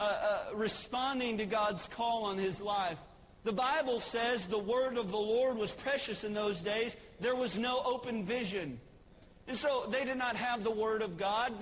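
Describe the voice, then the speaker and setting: High-pitched guy preaching, fired up, says "uh" a lot, faint room hum behind. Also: a bit bright, in a large hall, poor audio. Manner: impassioned, repeats words, voices characters in a Bible story. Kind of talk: sermon. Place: church.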